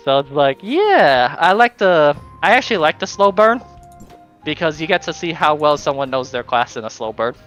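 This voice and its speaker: A man's voice: on the high side, big pitch swings, normal speed, fairly bright tone, highs cut off, soft background music. A man streaming, chatting casually and explaining game tactics, swearing now and then. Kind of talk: casual chat while gaming.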